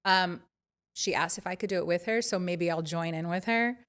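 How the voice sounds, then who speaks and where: A woman's voice: lowish voice, normal speed, fairly bright tone. A woman co-hosting a podcast, chatting casually and telling stories as a mother of young kids, trailing off into asides. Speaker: podcast co-host. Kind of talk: casual chat.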